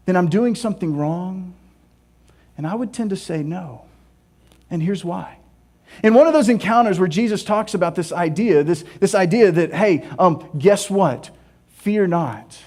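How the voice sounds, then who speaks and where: A man preaching a sermon in a church, animated and humorous, repeating phrases for emphasis. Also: sits high. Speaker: pastor. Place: church sanctuary.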